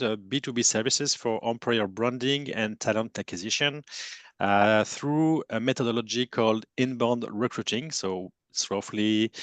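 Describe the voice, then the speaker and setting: A man with a strong French accent, a native French speaker, speaking on a webinar panel in a halting way with many fillers. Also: mid-range voice, fairly bright tone, clear, resonant tone, no room sound. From France. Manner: halting, many fillers and restarts, self-deprecating. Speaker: agency CEO panelist. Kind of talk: panel discussion.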